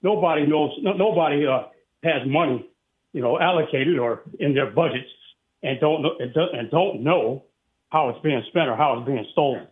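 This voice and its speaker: A man's voice: a little high, moderate pace. A man from upstate New York calling into a radio show, out of breath and rambling with many fillers as he gets worked up. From Saratoga Springs, New York. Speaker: caller. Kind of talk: phone-in call to talk radio. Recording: tinny phone line.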